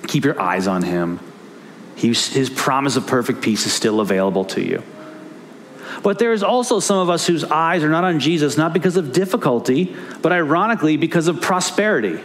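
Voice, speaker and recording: A man's voice: fairly high pitch, expressive, a little fast, slight background noise. A man preaching a sermon as pastor, earnest and emphatic, repeating key phrases for weight.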